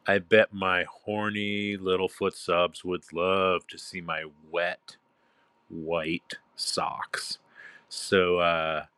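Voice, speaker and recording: A man's voice: low-pitched, pushed and bright, smooth, no echo. A man talking casually outdoors in a park, laid-back and drawling with fillers, then turning commanding and domineering toward his listeners. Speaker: online dominant addressing followers. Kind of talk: casual spoken monologue.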